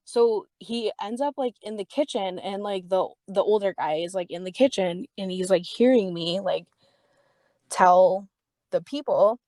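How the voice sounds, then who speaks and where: This young podcast host speaks at a normal speed in a mellow voice, with no echo, as she tells a heated, casual story. She swears freely, uses "like" often, and acts out the dialogue in a raised pitch.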